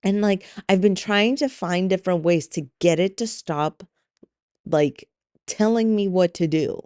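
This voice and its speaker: A woman's voice: on the low side, a little slow, mellow, no room sound, studio quality. A middle-aged woman hosting a solo podcast, talking candidly and with exasperation, swearing freely as she vents. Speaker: podcast host. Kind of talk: casual solo podcast monologue.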